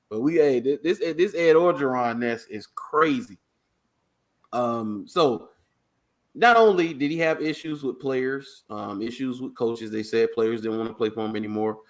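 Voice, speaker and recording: A man hosting a casual sports podcast, telling stories in an animated, joking way. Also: medium pitch. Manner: animated storytelling, jokey asides. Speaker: podcast host.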